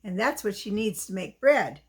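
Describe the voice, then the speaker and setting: A woman reading a children's story aloud, gentle and sing-song, talking to young listeners. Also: medium pitch, big pitch swings, normal speed.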